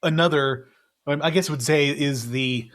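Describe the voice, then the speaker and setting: A podcast co-host with a fairly high, fairly bright voice talks at a normal speed on a casual movie show, rambling through the cast list with lots of chuckles and filler words.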